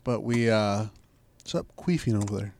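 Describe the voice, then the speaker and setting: Animated storytelling young man. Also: on the low side, normal speed. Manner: animated storyteller, swears, acts out quotes loudly. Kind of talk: casual chat.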